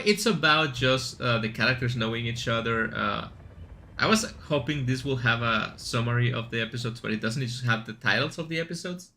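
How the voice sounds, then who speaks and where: A man's voice: mid-range voice, sharp tone. A man streaming a game, chatting casually and rambling with asides and fillers as he plays. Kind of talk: casual chat while gaming.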